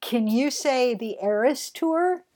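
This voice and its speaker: A woman co-hosting a casual movie podcast, animated and laughing. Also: sits high, a crowd in the background. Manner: animated, laughing, quick bursts. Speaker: podcast co-host. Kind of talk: casual chat.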